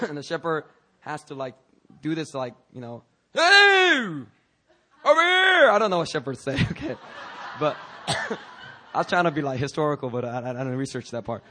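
A man's voice: mid-range voice, moderate pace. A man preaching a sermon in a loose, conversational way, joking with asides, restarting phrases and coughing now and then. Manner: jokey and informal, frequent restarts and asides. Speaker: pastor.

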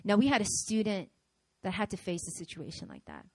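A middle-aged woman pastor preaching a sermon in an animated way, acting out voices as she tells examples. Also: medium pitch, brisk, no room sound. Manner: animated, acts out quoted voices.

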